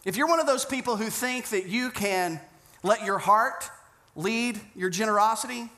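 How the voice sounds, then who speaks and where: A man's voice: high voice, moderate pace, pushed and bright. A man pastor preaching a sermon, earnest and conversational, telling stories with frequent restarts.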